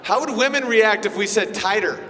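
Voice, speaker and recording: A man performing a stand-up comedy set, brash and profane, slipping into quick character voices. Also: high voice, background noise. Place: comedy venue with live audience. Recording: long reverb of a hall.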